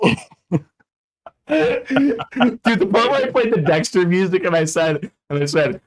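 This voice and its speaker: A man's voice: high-pitched, slow. A drunk man hosting a podcast, rambling and joking crudely in casual chat. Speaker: podcast host.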